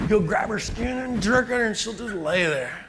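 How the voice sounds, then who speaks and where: A man's voice: high voice, lively intonation, moderate pace, background noise. A middle-aged man giving a chatty, joking real estate seminar, asking the audience questions. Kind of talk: live seminar talk to an audience.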